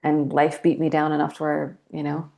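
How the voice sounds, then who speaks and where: A woman in her forties, a podcast guest telling her story in a calm, reflective, measured way. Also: low voice, creaky. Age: 40s. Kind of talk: candid interview talk.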